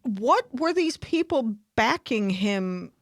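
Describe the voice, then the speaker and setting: A woman's voice: on the high side, big pitch swings, takes it slowly, dry recording, studio quality. A woman hosting a casual podcast chat, reacting with short interjections and questions. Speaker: podcast host.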